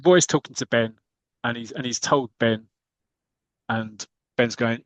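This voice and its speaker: A man's voice: medium pitch, unhurried, pauses often, a bit bright, no room sound, low-quality recording. A man, a podcast co-host, chattily retelling a comic story in a rambling, casual way.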